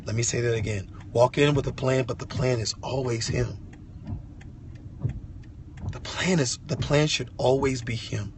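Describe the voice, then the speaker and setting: A man's voice: medium pitch, unhurried, long pauses, noisy background. A man sharing an impassioned devotional message from inside a vehicle, fervent and repetitive, with casual slang. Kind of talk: impassioned devotional vlog talk.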